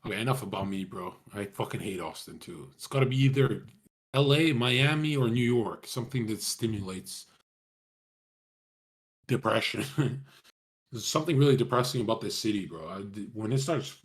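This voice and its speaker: A man's voice: medium pitch, animated, moderate pace. A young man talking casually to his viewers, rambling in slang, swearing often and calling everyone bro. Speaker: streamer talking to chat.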